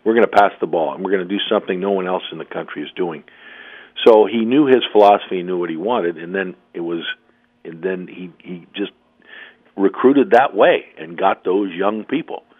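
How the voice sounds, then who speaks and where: An older former coach calls in as a guest, his voice a bit low and squeezed through a thin, tinny phone line. He rambles through his story with false starts and frequent throat clearing. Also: brisk. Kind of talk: phone interview, telling a story.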